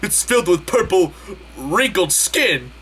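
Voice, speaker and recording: Man putting on a simple cartoon creature, raised pitch, broken speech, bright tone. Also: very animated, measured pace, slight background noise, full character voice. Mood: puzzled.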